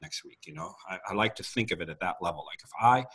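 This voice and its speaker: A middle-aged man telling personal faith stories earnestly, with soft laughs, as a Christian speaker. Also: low-pitched, expressive, fast talker, breathy edge. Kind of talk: conversational testimony.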